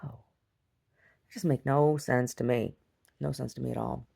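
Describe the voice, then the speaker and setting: A woman vlogger casually retelling a dream in a rambling, animated way, full of restarts. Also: a bass voice, normal speed, creaky, breathy edge. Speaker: video diary vlogger. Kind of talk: casual storytelling to camera.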